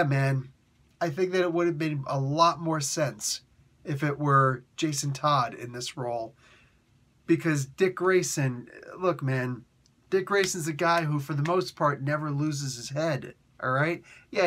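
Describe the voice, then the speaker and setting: A male reviewer chatting casually about comics, animated and quick to laugh at what he finds absurd. His voice is bright and forward, and it sits a little higher than most men's. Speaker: comic book reviewer host.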